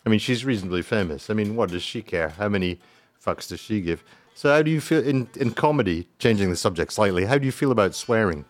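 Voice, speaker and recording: A man's voice: on the low side, animated, fast talker. A man hosting a radio show, chatting in a rambling way and swearing casually. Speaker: radio host.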